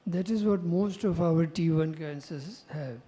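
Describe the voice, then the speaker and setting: Mellow-voiced male panel moderator. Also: fairly high pitch, measured pace. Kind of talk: panel discussion.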